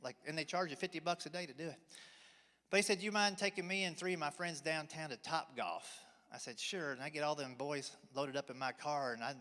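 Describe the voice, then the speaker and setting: A man's voice: a little high, brisk, sharp tone. A man in his forties doing a folksy stand-up routine, telling family stories with a drawl in a church hall. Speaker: stand-up comedian. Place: church hall, live audience. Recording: reverberant hall.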